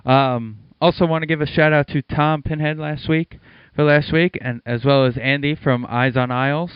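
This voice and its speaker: A man co-hosting a casual sports podcast, chatty and quick to laugh, running the show's plugs and segues. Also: a little high, steady tone, clean tone, no echo, highs cut off. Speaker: podcast co-host.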